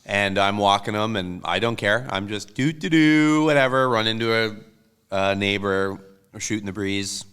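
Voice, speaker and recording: A man's voice: lowish voice, fairly even intonation, normal speed, bright, forceful tone, clean tone. A man co-hosting a hockey podcast, telling rambling, self-deprecating stories in casual chat. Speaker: podcast co-host.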